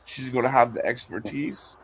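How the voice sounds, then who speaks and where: A hoarse, tired man on a live online debate panel, speaking haltingly and repeating his words. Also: mid-range voice, fairly bright tone, slight background noise. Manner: halting, repeats words, cuts in to keep order.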